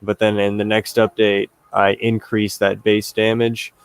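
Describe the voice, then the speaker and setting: A man with a low, gravelly voice talks through his game's update quirks in an easy, relaxed way. His throat sounds dry. The sound is close and dead dry, with no room in it. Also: unhurried, no echo. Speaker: indie game developer guest. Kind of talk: casual interview chat.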